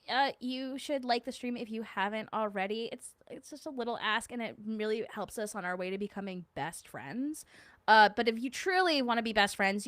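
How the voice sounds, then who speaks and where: A woman's voice: on the high side, a bit bright, no echo. A woman hosting a casual livestream, chatting with viewers. She reads their comments aloud, jokes and laughs often, and hums little filler tunes. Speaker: livestream host.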